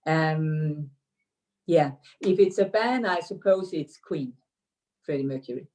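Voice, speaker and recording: A low-pitched woman in her sixties speaks English with a Danish accent. She talks over a video call, pausing often, and she fills her answers with "uh" and restarts. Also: darkish tone. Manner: hesitant, many fillers and restarts. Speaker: interview guest, dance teacher. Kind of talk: casual remote interview.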